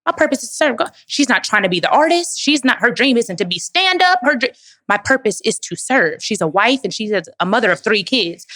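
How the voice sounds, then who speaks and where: Woman from Texas, emphatic, preachy, motivational Q&A, fairly high voice. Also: a bit bright. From Dallas, Texas. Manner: emphatic, preachy, calls listeners "baby". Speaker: guest answering audience questions. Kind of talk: motivational live Q&A talk.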